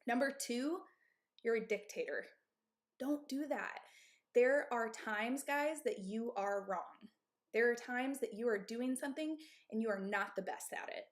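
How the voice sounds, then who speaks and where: A woman's voice: on the high side, measured pace. Emphatic woman gym owner, candid. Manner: candid, emphatic, asks "okay?" and "right?" often. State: out of breath. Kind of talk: live-stream advice talk.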